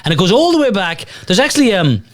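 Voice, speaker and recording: An American man co-hosting a casual talk show, lively and enthusiastic when explaining. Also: high-pitched, fast talker. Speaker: co-host. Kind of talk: casual chat.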